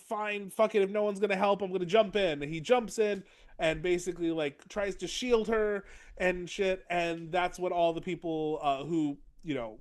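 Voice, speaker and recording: A man co-hosting a podcast, recapping a book chapter in casual, rambling chat and acting out quotes from the characters. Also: fairly high pitch. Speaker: podcast co-host.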